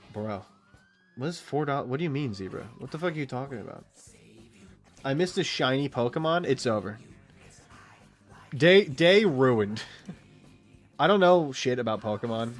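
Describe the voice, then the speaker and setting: A man in his late twenties streaming a game, rambling in casual, profane commentary and chatting with his viewers and the game's animals. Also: mid-range voice. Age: late 20s.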